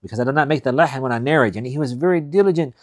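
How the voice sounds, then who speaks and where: A man teaching a religious lesson. He reads Arabic passages quickly, then explains them in English, repeating his key points with emphasis. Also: medium pitch, dry recording. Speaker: Islamic studies teacher. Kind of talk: recorded lesson explaining classical texts.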